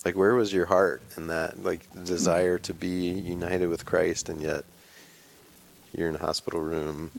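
A man's voice: low-pitched, flat delivery, unhurried, creaky, rough recording. A man co-hosting an interview, asking thoughtful, probing questions. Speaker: co-host.

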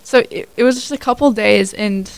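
A woman's voice: medium pitch, normal speed, creaky, no echo, low-quality recording. A woman in her twenties, a new hire telling her story as a guest in a casual radio interview, chatty with many fillers. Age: 20s.

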